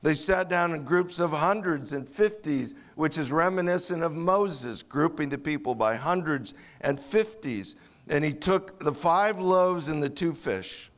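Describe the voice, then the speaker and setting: Slow-paced preacher, a man with a higher voice. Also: expressive, fairly bright tone. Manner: expository preaching, acts out sarcastic voices of the disciples. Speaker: pastor. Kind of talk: sermon.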